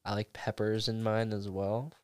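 Smooth-voiced young man rambling casually. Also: lowish voice, level tone, moderate pace. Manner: rambling with many fillers. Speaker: guest. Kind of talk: casual chat.

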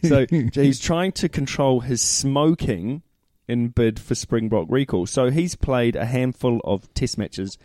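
A man's voice: mid-range voice, takes it slowly, hardly any pauses, darkish tone, no echo, studio quality. A middle-aged man co-hosting a casual sports chat, laid-back and matey, often tossing questions back. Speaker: podcast co-host.

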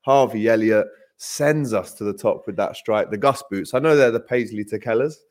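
A young man co-hosting a podcast, chatting casually and upbeat about football with quick, bantering asides. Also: on the low side, a little mellow. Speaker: podcast co-host.

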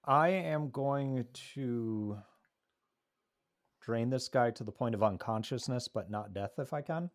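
A man's voice: medium pitch, slow. A man playing a tabletop horror game, casually thinking out his character's moves aloud. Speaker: player.

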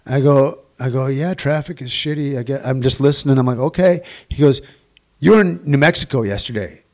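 A man's voice: mid-range voice, a little fast, a little mellow. A man who works as a stunt performer, telling rambling, profane anecdotes with quoted dialogue in a casual interview.

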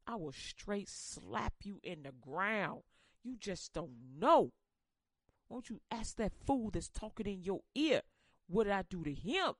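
A woman playing a firm, slangy father God, scolding but loving, lively pitch. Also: a little slow, no echo, clean studio sound. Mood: stern.

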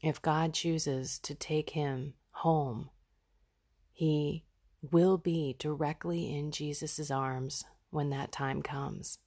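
A woman's voice: deep voice, steady tone, slow pace, a little mellow. A woman hosting a podcast, sharing a raw personal reflection in an earnest, heartfelt way. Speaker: podcast host.

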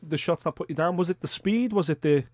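A male talk radio host interviewing a guest in the studio, animated and firing off several questions at once. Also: on the high side, quick pace, dry recording. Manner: animated, asks stacked questions.

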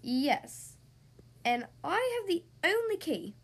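Brief: a fretful, excitable king for a kids' storybook, read by a woman, high and pleading. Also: takes it slowly, full character voice. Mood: worried. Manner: raised, pleading and worried. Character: anxious, excitable male king.

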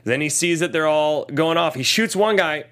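A man's voice: fairly high pitch, moderate pace. A man hosting a casual podcast, recapping an action movie with jokes and quoted lines. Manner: animated storyteller, jokes and quotes clips. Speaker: podcast host reviewing a movie. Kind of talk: casual chat.

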